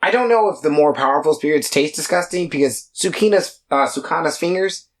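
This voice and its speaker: A man's voice: a little high, brisk. A young man co-hosting a casual anime podcast, acting out character lines and laughing often. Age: young adult. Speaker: podcast co-host.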